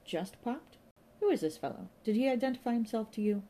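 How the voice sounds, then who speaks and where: A woman's voice: fairly high pitch, animated, a little fast, mellow, voice pushed up. A woman voicing a clipped, commanding police inspector. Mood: formal. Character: brisk officious male police inspector.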